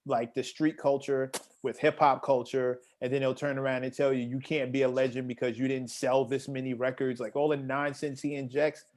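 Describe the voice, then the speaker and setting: A man's voice: medium pitch, level tone, moderate pace, hardly any pauses, a little mellow. A man in casual chat, emphatic and outspoken, often jumping in.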